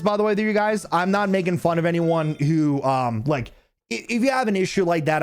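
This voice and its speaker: Male streamer, casual storyteller, profane and animated, slightly raised pitch, light music underneath. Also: fairly quick. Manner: profane, laughing, animated venting. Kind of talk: casual gameplay commentary with storytelling.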